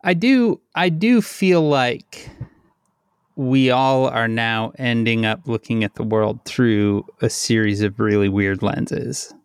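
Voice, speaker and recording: A man co-hosting a podcast, measured and agreeable, often answering with a quick yes or right. He speaks slowly at a middling pitch. The recording is dry, with no room echo. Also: clear, resonant tone. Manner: measured, agreeable, lots of short affirmations. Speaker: podcast co-host. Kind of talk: casual chat.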